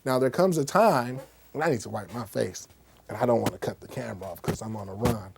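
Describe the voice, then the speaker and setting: Against a noisy background, a man with a creaky, mid-range voice talks fairly quickly through a casual music lesson. He explains while playing on a keyboard and keeps checking in with "right?" and "okay?".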